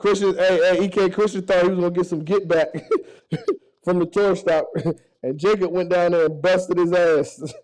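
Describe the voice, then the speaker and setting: A man with a high, light voice talks casually to his viewers. He tells loose, profane stories, often stumbling and restarting his sentences. The sound comes from an action camera strapped to his chest. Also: steady tone, normal speed, darkish tone, low-quality recording. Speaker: bowler chatting to viewers. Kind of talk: casual chat.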